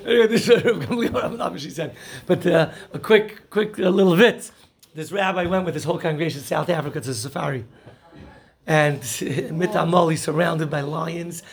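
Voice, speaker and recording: A man's voice: on the high side, vocal fry. A man teaching a Torah class, telling jokes and stories and mixing Hebrew and Yiddish terms into his English. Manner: animated storyteller who laughs at his own jokes.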